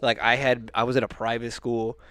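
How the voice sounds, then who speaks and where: A man's voice: mid-range voice, flat delivery, fairly quick, a bit bright, dry recording. A young man hosting a podcast in casual chat, rambling through stories, swearing freely and restarting his sentences. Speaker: podcast host. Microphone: podcast mic.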